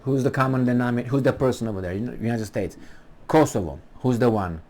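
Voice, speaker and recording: A man's voice: medium pitch, quick pace, darkish tone. A man giving an emphatic political monologue, full of rhetorical questions and restarts. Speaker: political commentator.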